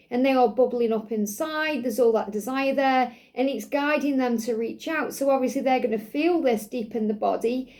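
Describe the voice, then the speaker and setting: Host, woman, high pitch, soothing and earnest spiritual card reader talking straight to camera audience. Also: mellow. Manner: soothing, earnest, speaks for the listener in quotes. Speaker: tarot reader and channel host. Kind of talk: spiritual card reading monologue.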